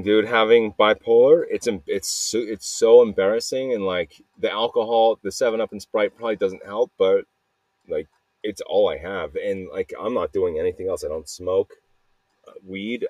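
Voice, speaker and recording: Low, hoarse man rambling in a dry room. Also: dry recording. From Arizona. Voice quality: slightly hoarse from yelling. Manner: rambling, restless, jokey, many restarts. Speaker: podcast host. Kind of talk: rambling solo voice memo.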